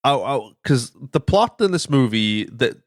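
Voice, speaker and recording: A man's voice: mid-range voice, expressive, unhurried, no echo, clean studio sound. A young man hosting a casual film podcast, rambling, swearing and stumbling over his words. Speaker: podcast host.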